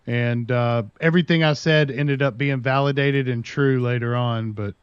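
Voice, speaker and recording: A man's voice: medium pitch, fairly even intonation, moderate pace, clear, resonant tone, no echo, lo-fi sound. A man chatting casually on his livestream, telling a long rambling story and talking to his dog in between. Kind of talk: casual chat with stream viewers.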